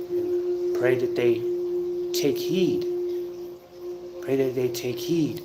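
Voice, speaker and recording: A man giving an informal spiritual talk, telling a story emphatically, with drawn-out pauses and the odd curse word. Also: medium pitch, huge pitch swings, over loud music. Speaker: self-styled spiritual teacher. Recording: noisy ambient background.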